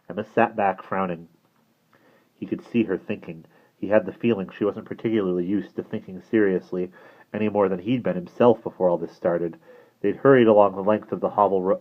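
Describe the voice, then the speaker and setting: A man reading a children's novel aloud in a steady, plain storytelling manner. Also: deep voice. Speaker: reader. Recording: tinny phone-like sound.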